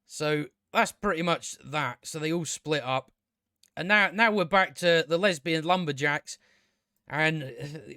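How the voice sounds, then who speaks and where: A man's voice: fairly high pitch, unhurried, sharp tone, clean tone, no echo, clean studio sound. A man casually reviewing a show, exasperated and sweary, rambling with many restarts.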